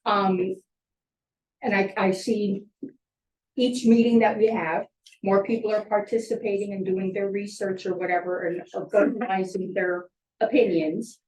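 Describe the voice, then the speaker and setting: A woman from a lake association board meandering through her comment at a town hearing. Her mellow voice is picked up from a distance in an echoey room. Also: medium pitch, fairly even intonation, unhurried. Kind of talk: public comment.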